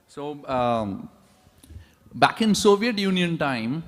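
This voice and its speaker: A man's voice: on the high side, very animated, slow, fairly bright tone. A man giving a sermon in a large temple hall, telling stories animatedly and asking the audience rhetorical questions. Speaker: preacher. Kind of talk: sermon with storytelling. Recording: long reverb of a large hall.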